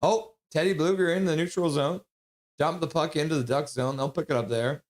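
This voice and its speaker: A man streaming live hockey play-by-play, excitable and blunt, chatting casually with his viewers between plays. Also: on the high side, brisk. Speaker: streamer doing fan play-by-play.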